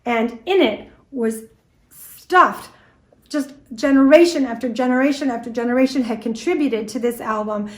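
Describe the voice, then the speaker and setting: Lively American woman telling a story. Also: fairly high pitch, moderate pace. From United States. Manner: lively anecdotal storytelling, with quoted dialogue. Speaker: guest speaker on antique doll history. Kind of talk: storytelling presentation.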